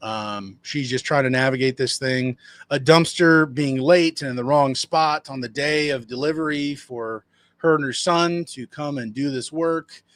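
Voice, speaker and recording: A man who runs a dumpster rental business recounts a customer story at a measured pace in a fairly bright voice. His telling is rambling and conversational, and he acts out what people said in a higher voice.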